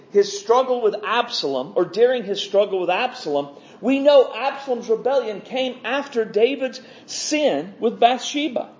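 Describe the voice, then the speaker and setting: A man preaching an evening sermon, earnest, stretching key words slowly. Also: sits high, a little mellow. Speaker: pastor. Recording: dull lo-fi sermon audio.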